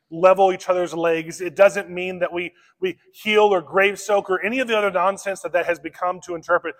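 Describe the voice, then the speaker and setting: A man preaching an expository sermon as pastor, slowing down to stress key phrases. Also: on the high side, a bit bright. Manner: expository preaching, slows for emphasis. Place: church sanctuary. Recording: long church reverb.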